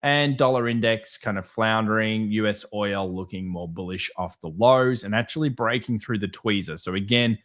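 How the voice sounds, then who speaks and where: A man giving casual live market commentary, talking over charts and answering viewer chat with candid quick asides. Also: lowish voice, fairly bright tone. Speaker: market analyst streamer.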